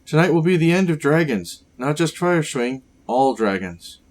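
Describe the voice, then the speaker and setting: A man voicing a gaunt, sickly male scientist villain, reading game dialogue aloud in a grave, measured way. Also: on the high side, lively intonation, lightly acted.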